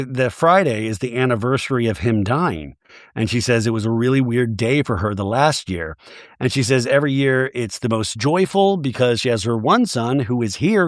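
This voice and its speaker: A man hosting a podcast, recapping reality TV in an animated, sarcastic way, swearing and acting out the cast's lines. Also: medium pitch, dry recording, clean studio sound. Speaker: podcast host.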